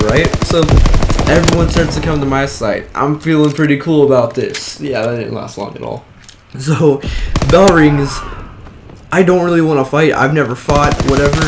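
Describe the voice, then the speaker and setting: A young man telling a story in a casual, rambling way, filling it with "like" and "whatever.". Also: a little high. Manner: rambling, drops "like" and "whatever" everywhere. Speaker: vlogger. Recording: steady background noise.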